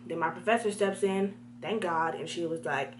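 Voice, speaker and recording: A young woman telling a storytime vlog, animated and talking straight to her viewers. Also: lowish voice, normal speed, slight background noise. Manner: animated, talks to viewers directly.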